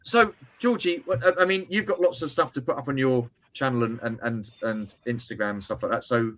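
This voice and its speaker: A man, slightly hoarse, telling a story in casual livestream chat as co-host. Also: mid-range voice, fairly bright tone. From United Kingdom. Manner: chatty storyteller, quick asides and swearing.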